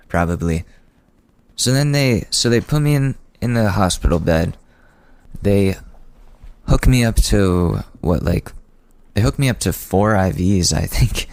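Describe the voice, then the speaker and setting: A man with a very low voice tells a personal story on a podcast in a loose, rambling way, full of restarts and dry sarcasm. The recording is dry and close, with no room sound. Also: a little mellow, dry recording. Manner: sardonic, rambling, many restarts. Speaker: podcast host. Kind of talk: casual comedic storytelling.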